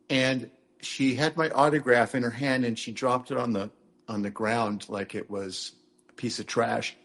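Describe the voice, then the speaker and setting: An older actor from Minnesota, a guest in a casual interview, telling rambling anecdotes and acting out quoted lines. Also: male voice, mid-range voice, steady tone, moderate pace, fairly bright tone. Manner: rambling storyteller, acts out quotes.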